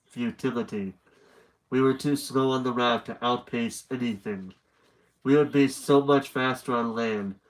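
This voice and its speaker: A man's voice: medium pitch, rough recording. A young man with a slightly nasal voice reads a horror story aloud on a live stream. He wanders off into chatty asides before settling back into the narration. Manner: chatty, rambling asides between story passages.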